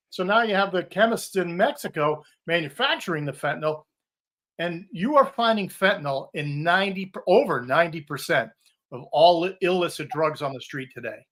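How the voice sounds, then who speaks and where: An older man, a retired drug agent, giving steady, informed answers as a podcast guest. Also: fairly high pitch. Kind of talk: interview answers.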